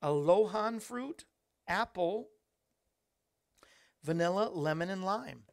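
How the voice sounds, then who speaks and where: Gravelly man hosting live. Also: on the high side, moderate pace, fairly bright tone. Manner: chatty, reads viewer comments aloud, upbeat asides. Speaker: show host. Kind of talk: casual live-stream chat. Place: small studio under hot lights. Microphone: studio microphone.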